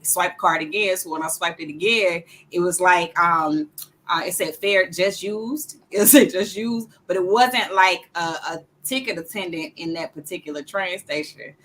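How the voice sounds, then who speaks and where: A woman from Alabama with a Southern accent, telling animated stories in a casual podcast chat. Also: on the low side, normal speed. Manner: animated storyteller, laughs often. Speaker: podcast co-host.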